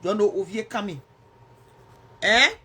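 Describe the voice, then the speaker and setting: A woman's voice: medium pitch, measured pace, sharp tone, slightly rough. A woman with a Liberian English accent hosting a casual livestream, chatting and teasing viewers as she answers their comments. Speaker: livestream host.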